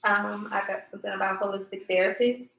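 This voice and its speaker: A woman co-hosting a podcast, chatting casually and telling a personal story with emphatic, animated delivery. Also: medium pitch, quick pace, gravelly. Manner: animated, emphatic, addresses listeners as y'all. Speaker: podcast co-host. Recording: echoey room.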